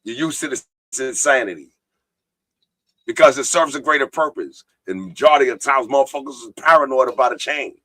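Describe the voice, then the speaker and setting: A man's voice: mid-range voice, a little fast, pushed and bright, no room sound. A man hosting a live-stream talk show, preaching profanely and reading viewer comments aloud. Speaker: podcast host.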